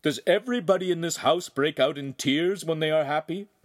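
A man voicing a commanding, good-humored nobleman who gives orders briskly and teases. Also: a little high, dry recording, clean studio sound, voice pushed up, natural voice.

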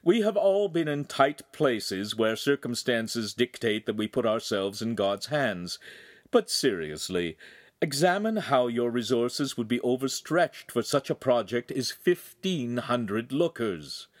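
A man voicing a smooth, shrewd male court official with a measured, persuasive manner. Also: mid-range voice, very animated.

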